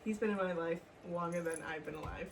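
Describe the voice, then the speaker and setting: A woman's voice: on the low side, fairly quick. A woman co-hosting a podcast in casual chat, laughing often and tossing in dry quips. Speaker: podcast co-host. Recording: distant mic with faint background noise.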